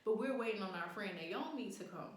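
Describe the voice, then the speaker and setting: A woman's voice: medium pitch, fairly quick. A young woman telling a wild story in casual, profane chat, acting out what people said. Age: young adult. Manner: animated, profane, acts out quotes. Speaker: vlogger. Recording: very echoey room.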